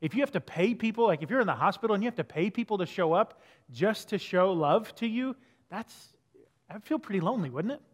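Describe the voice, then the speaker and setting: Pastor, male, high voice, casual preaching style, long hall reverb. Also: lively intonation, fairly quick. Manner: conversational preaching, asks the listeners questions. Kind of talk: sermon. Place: church sanctuary.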